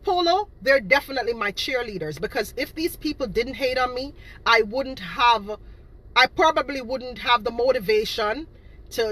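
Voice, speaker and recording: Woman, 40s, emphatic vlog rant, repeats herself, sharp bright voice. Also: fairly high pitch, rough recording. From Boston, Massachusetts. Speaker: home cake seller. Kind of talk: direct-to-camera rant.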